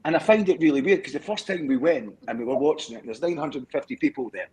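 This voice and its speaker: A man's voice: a little high, fast, a little mellow, husky, poor audio. A Scottish man chatting on a live stream call, rambling through stories, repeating words and checking in with "do you know what I mean". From Scotland. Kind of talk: casual live chat.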